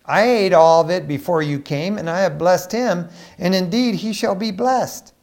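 An aging father, shaken and alarmed, questions his son with a raised, high voice, as a male preacher reads his part. His words come out urgent and startled. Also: lively intonation, unhurried.

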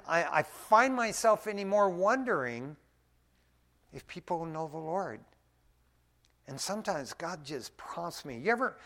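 A male preacher giving a casual, folksy sermon, often dropping in "man" and swinging from quiet to loud. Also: a little high. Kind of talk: conversational sermon.

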